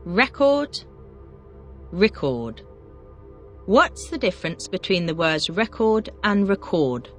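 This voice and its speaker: A teacher voice calling out single vocabulary words, then asking brisk drill questions in a scripted lesson. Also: mid-range voice, faint music behind.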